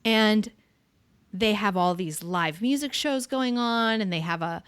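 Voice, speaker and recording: A woman hosting a podcast, telling stories in an animated, sarcastic way. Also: medium pitch, measured pace, clean tone. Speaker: podcast host. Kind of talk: casual chat.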